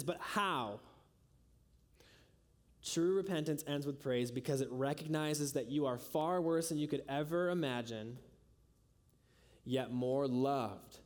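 A man preaching a sermon with earnest emphasis, climbing high on key lines and sinking soft and low at their ends. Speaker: pastor.

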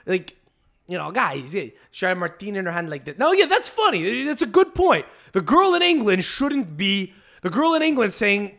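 A man's voice: high voice, huge pitch swings, a little fast, pushed and bright. A man hosting a podcast, riffing in casual commentary on video clips with a profane, mocking manner. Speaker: podcast host.

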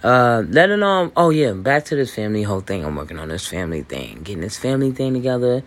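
A man hosting a podcast, talking in a loose, boastful monologue full of fillers, restarts and swearing, with hiccups and throat clearing. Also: medium pitch, very animated, quick pace. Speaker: podcast host. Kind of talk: rambling casual monologue. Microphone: voice message recording.

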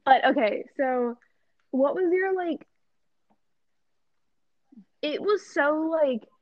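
A young woman co-hosting a casual podcast chat, rambling excitedly and saying "like" constantly. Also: high-pitched, slow, dry recording. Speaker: podcast co-host. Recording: dull, dry lo-fi sound.

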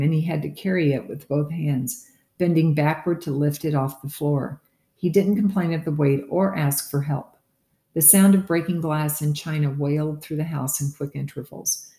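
A measured audiobook narrator telling a first-person story at a middling pitch. The reading is even and unhurried. A roomy echo hangs around the voice.

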